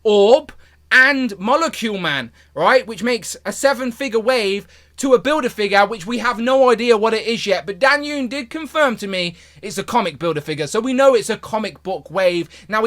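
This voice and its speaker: Hoarse, high-voiced chatty male host. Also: lively intonation, moderate pace, a bit bright. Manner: enthusiastic, chatty, repeats pleas to viewers. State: hoarse, losing his voice. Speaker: toy review channel host. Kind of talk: casual video review.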